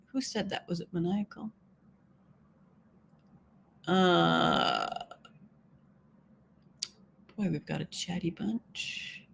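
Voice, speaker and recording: A woman's voice: lowish voice, creaky, a bit bright, slightly rough. Chatty woman hosting a live stream. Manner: chatty, laughs often, reads viewer comments aloud. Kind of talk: casual live stream chat.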